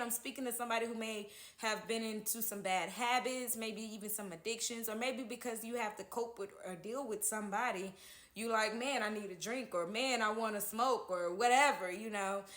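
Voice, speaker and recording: A woman's voice: fairly high pitch, normal speed, fairly bright tone, roomy sound. A woman giving a casual tarot horoscope reading, chatty, who keeps checking in with "okay?" at the end of her lines. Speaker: tarot reader.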